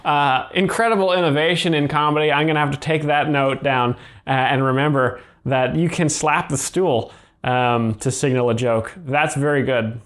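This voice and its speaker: A man hosting a commentary channel, delivering mock-serious, deadpan sarcasm with frequent ums. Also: mid-range voice, normal speed, few pauses. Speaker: host of a comedy commentary channel.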